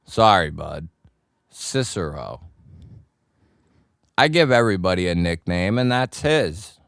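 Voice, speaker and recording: Casting note: unhurried man with a deep, smooth voice, a chummy livestream host, dry close sound. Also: sing-song, fairly bright tone, no echo. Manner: greets chat viewers by nickname, laid-back and chummy. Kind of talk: casual live chat with viewers.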